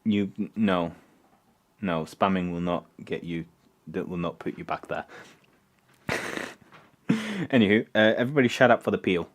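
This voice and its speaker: A man hosting a casual live stream from his home workshop, rambling and halting with many fillers. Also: low-pitched, animated. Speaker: streamer and electronics maker.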